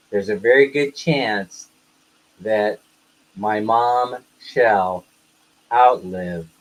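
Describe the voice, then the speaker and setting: A man's voice: medium pitch, fairly bright tone, low-quality recording. An older American man hosting a casual livestream, telling rambling stories and laughing often. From United States. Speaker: livestream host.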